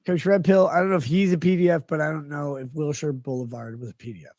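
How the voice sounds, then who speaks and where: A man's voice: on the high side, fairly even intonation, quick pace, darkish tone, no room sound. A man rambling loosely through a livestream as he reads chat messages aloud, swearing and drifting off topic in a drunken manner.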